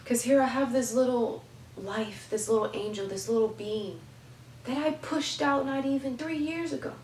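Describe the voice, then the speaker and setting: A woman's voice: on the high side, normal speed, darkish tone, echoey room, far from the mic, a little hiss or hum, rough recording. A young woman giving heartfelt life advice in an emphatic way, repeating phrases for stress. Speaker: advice vlogger.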